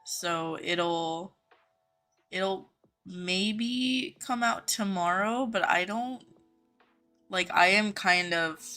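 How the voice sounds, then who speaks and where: A woman's voice: on the low side, gravelly, pushed and bright. A young woman live-streaming a game from her home office, reading viewer comments aloud and greeting chatters by name in a friendly, chatty way.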